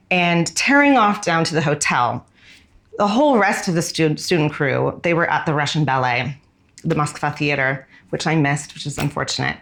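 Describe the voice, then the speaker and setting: A woman in her forties with a low voice recalls her past in a candid, unhurried way. She is a fashion designer from the United States, and she often lingers on words that matter to her. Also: a bit bright. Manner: candid and reflective, often slowing down on key words. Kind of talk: reflective personal storytelling.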